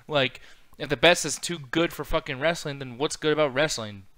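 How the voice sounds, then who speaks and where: A man's voice: a little high, moderate pace, sharp tone. A man co-hosting a wrestling review show, ranting in an exasperated, swearing-heavy casual chat.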